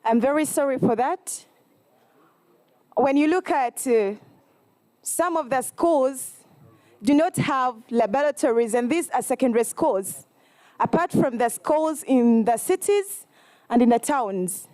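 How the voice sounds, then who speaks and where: A young woman from Eastern Uganda with a Ugandan accent, giving an earnest, halting student campaign speech and often apologizing. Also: sits high, lively intonation, darkish tone. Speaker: student election candidate.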